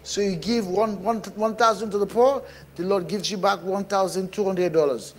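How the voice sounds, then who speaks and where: A man preaching a sermon, animated and bursting into shouts. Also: sits high, moderate pace. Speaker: pastor.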